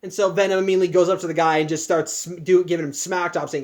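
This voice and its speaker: A man's voice: high voice, quick pace. A man casually recapping a film plot, talking in a loose, chatty way with many restarts and asides. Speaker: podcast host.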